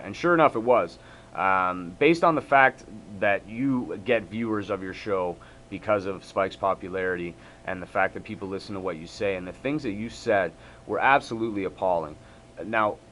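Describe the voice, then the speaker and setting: A man's voice: on the low side, fairly bright tone, slight background noise. Heated man ranting straight to camera. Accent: Canadian. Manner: heated, repetitive, stumbling restarts. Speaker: MMA store owner and vlogger. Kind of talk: angry direct-to-camera rant.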